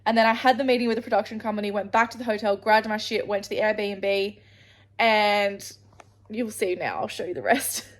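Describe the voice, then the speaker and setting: A woman's voice: mid-range voice, steady tone, fairly quick. An Australian woman vlogging to camera, telling a rambling travel story and swearing freely along the way. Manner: rambling, swears freely, restarts mid-sentence.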